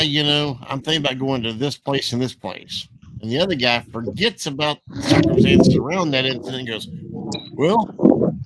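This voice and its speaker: A man's voice: medium pitch, background noise. Man telling a story. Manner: animated, acts out quotes of others. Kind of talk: casual storytelling.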